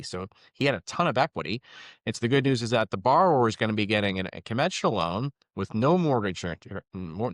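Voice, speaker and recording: A man who works as a mortgage lender, talking casually on a podcast with quick, filler-laden speech. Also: fairly low pitch, a bit bright, no echo, clean studio sound. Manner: quick, conversational, frequent fillers.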